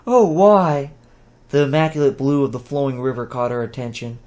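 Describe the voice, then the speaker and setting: A man calmly narrating a fantasy audiobook. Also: medium pitch, quick pace.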